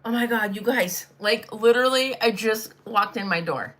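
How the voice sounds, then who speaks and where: A woman's voice: fairly high pitch, normal speed, fairly bright tone. A woman in her forties chatting in a rambling way with lots of fillers as she hosts a live craft stream from her desk. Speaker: craft vlogger.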